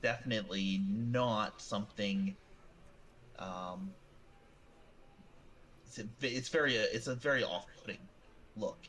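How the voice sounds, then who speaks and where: A man with a low voice narrates a tabletop horror scene as game master. His narration rambles, with frequent fillers and restarts. A faint hiss sits behind him. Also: a little slow, long pauses, a bit bright, poor audio.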